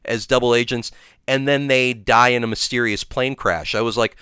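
A man co-hosting a podcast, casually talking things through with frequent hesitations and murmurs of agreement. His voice is bright and smooth, recorded close and dry with no room sound. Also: medium pitch, steady tone, moderate pace, no echo. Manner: thoughtful, agreeable, many hesitations and back-channel murmurs. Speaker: podcast co-host. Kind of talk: casual chat.

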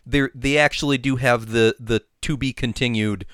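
A man on a podcast, his voice smooth and resonant, recorded dry and close. He stumbles through a hurried plot summary full of fillers and restarts, slipping into quick character voices along the way. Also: medium pitch, steady tone, a bit bright, dry recording. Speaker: podcast co-host. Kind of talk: casual podcast chat, rushed plot recap.

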